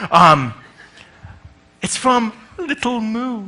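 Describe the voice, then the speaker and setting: Animated, bright-voiced male conference speaker. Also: sits high, takes it slowly, pauses often. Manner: animated, swears freely, acts out voices. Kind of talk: comic conference talk.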